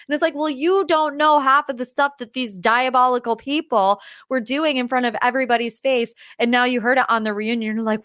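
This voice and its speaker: A woman's voice: on the high side, normal speed, no echo, clean studio sound. Chatty young woman podcast host. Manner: chatty and opinionated, animated quoting. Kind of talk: casual reality TV recap.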